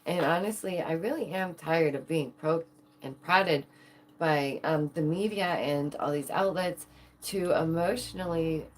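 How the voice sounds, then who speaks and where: Young woman chatting to her viewers, kinda low voice, playful and giggly. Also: measured pace. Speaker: channel host. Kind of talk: casual livestream chat.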